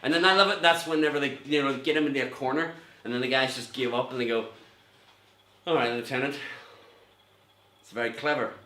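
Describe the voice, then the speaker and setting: A man's voice: medium pitch, fairly even intonation, fast, pushed and bright. A man doing stand-up comedy on a club stage, telling a bit in a loose, chatty way. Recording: roomy club echo.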